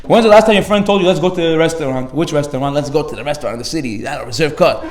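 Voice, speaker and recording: Fast, energetic rabbi in an echoey hall. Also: male voice, a little high. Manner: energetic, animated, slips in Hebrew words and slang. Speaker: rabbi giving a Torah class. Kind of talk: lively sermon with acted anecdotes. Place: synagogue hall.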